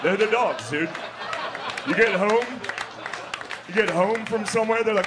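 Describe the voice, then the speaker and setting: A man in his thirties doing a stand-up comedy set, mostly deadpan but breaking into loud mocking voices. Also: sits high, unhurried, long pauses, crowd noise. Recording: live club set with audience laughter, background noise.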